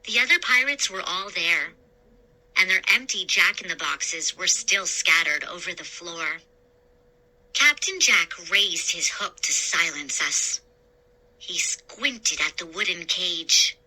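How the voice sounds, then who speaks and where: A woman narrating a spooky children's story aloud in a slow, expressive reading. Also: on the low side, rough recording. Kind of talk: scary story read-aloud.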